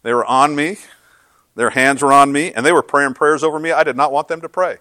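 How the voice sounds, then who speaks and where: A man's voice: on the high side, fairly even intonation, fairly quick, bright, forceful tone, no room sound. A middle-aged male pastor giving a sermon, with conversational, self-deprecating storytelling and frequent restarts.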